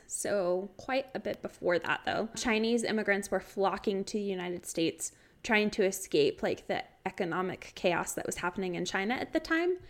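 A young woman co-hosting a podcast, chatting casually, laughing often and walking through history notes. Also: mid-range voice. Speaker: podcast co-host.

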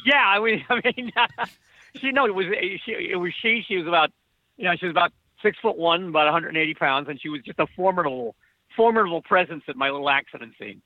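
A man's voice: high-pitched, fast, no echo. An older man, a political writer telling stories as a guest in a casual interview, wry and full of restarts. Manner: wry, storytelling, many restarts. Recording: dull lo-fi remote line.

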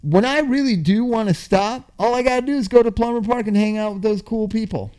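An older man telling a long, funny story in a casual chat, swearing freely, laughing often and acting out his own yelling. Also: high voice, fairly quick, clean tone.

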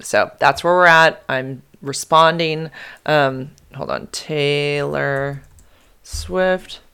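A woman's voice: sits low, drawn-out words, creaky, fairly bright tone, smooth. A woman hosting a podcast, talking in a rambling, emotional, confessional way with plenty of fillers. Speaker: podcast host. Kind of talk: casual confessional chat. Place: car.

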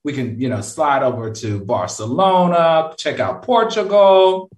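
A man's voice: fairly high pitch, measured pace, darkish tone. A man, a brand strategist, chatting easygoing as co-host and laughing often. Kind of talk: casual chat. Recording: roomy, distant mic.

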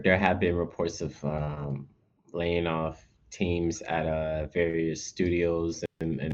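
A man's voice: sits low, a little mellow, lo-fi sound. A man co-hosting a podcast, rambling in casual chat with lots of restarts and acted-out asides. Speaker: podcast co-host.

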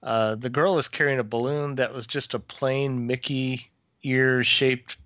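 Brief: man, storyteller guest, halting and self-correcting, dry and slightly dull sound. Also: medium pitch, steady tone, a bit bright, dry recording. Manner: hesitant, with many restarts and fillers. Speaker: former theme park custodial worker, guest author. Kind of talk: casual storytelling in a podcast interview.

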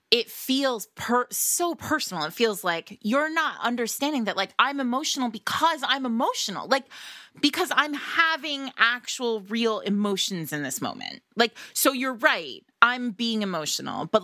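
A woman's voice: fairly high pitch, pushed and bright, no room sound, studio quality. A woman co-hosting a podcast, talking about a book in a casual, effusive, rambling way full of fillers. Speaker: podcast co-host. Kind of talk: casual book-discussion chat.

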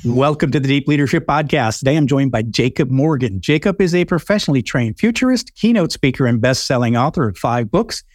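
A man's voice: mid-range voice, expressive, a little fast, few pauses, soft background music. A man hosting a leadership podcast, introducing his guest and asking questions in a conversational way. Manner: conversational, encouraging, some fillers. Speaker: podcast host. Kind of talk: interview hosting.

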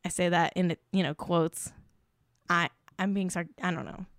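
A woman hosting a comedy podcast, delivering a sarcastic, exaggerated rant with deadpan asides. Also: on the low side, moderate pace, no room sound, studio quality. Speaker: podcast host.

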